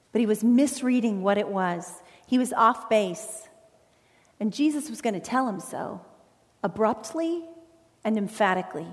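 A woman pastor preaches a sermon in an earnest, emphatic way, leaning on pauses. Her voice sits a little high. It rings out with a long reverb, recorded in a church sanctuary.

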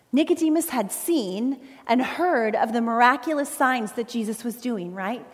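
A woman pastor preaching a sermon in an earnest way, with emphatic pauses. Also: fairly high pitch, expressive. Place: church sanctuary. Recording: reverberant church hall.

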